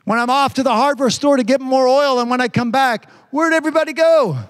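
A man with a very high voice preaches a sermon, repeating himself emphatically, saying hallelujah often and drawing words out slowly for emphasis.

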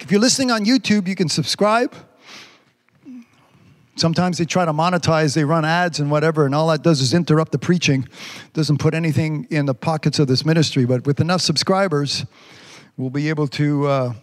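A man preaching a sermon, reading scripture slowly and stretching the words, with frequent amens. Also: fairly high pitch, long reverb tail. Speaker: pastor.

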